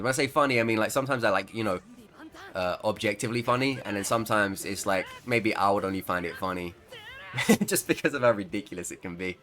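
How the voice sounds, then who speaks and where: A man's voice: lowish voice, fast, fairly bright tone, soft background music. A man chatting casually over gameplay as a gaming creator, rambling and laughing mid-sentence.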